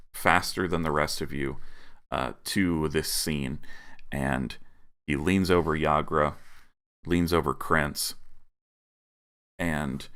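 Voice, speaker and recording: Game master: man with an extremely deep voice, slow and laid-back, filler-heavy narration. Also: a bit bright. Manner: laid-back, unhurried, many filler words. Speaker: dungeon master. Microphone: home microphone on a livestream.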